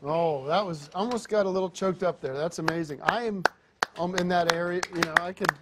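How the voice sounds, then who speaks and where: A man hosting a comedic film show in a fairly high voice. He is bossy and impatient, snapping out direction and cursing freely. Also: a little fast, very noisy. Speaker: host.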